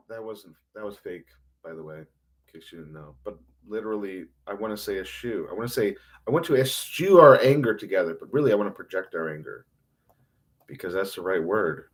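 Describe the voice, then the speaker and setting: A man streaming a rambling solo monologue, self-mocking and swinging between mumbled asides and loud outbursts. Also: fairly low pitch, lively intonation, moderate pace.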